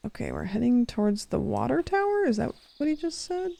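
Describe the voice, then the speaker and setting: A woman streamer giving live gameplay commentary, chatty and thinking aloud with quick reactions. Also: a little high, big pitch swings, gravelly, dark tone, slight background noise. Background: game music.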